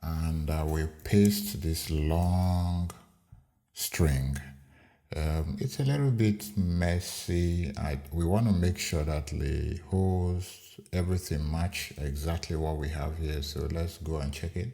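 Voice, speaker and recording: A man hosting a screen-recorded coding tutorial, explaining each step in an unhurried way with fillers. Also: extremely low pitch, creaky, warm tone. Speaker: programming tutorial host.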